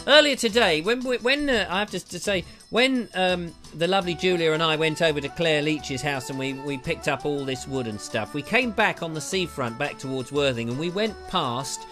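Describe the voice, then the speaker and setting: A man's voice: fairly high pitch, moderate pace, few pauses, sharp tone, faint music behind. A man from hosting a live show, rambling in a chatty, self-mocking way with a slightly dry throat. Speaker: show host. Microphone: lapel mic.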